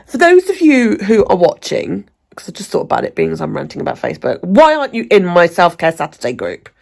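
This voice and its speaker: A woman's voice: fairly low pitch, wildly swooping pitch, brisk, vocal fry, darkish tone. A woman vlogging at home in casual chat, ranting chattily and swearing freely.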